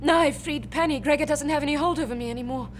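A woman's voice: high voice, fast, slight background noise, lightly acted. An actress playing a shaken but fierce young woman who speaks in a tense, clipped way, in an audio drama. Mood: insistent.

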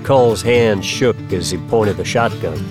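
A man reading a first-person western story aloud, in a steady, even storytelling manner. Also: lowish voice, normal speed. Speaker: audiobook narrator. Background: guitar music.

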